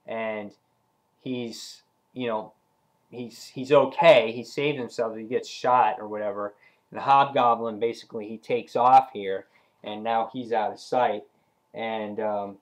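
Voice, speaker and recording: A man reviewing a comic book issue in a casual, rambling retelling full of fillers like "um" and "you know". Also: mid-range voice.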